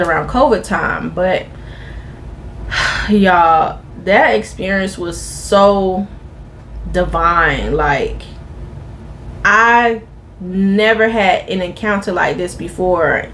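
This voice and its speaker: A woman's voice: fairly low pitch, fairly bright tone, a little hiss or hum. A woman vlogger telling a personal story to her viewers in a casual, earnest, emphatic way.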